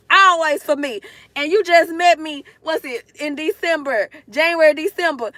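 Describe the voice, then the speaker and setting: A woman speaks at normal speed in a high, fairly bright voice, the recording dry. She's parked in her car, gushing emotionally and near tears as she talks casually with her livestream viewers, addressing the chat directly.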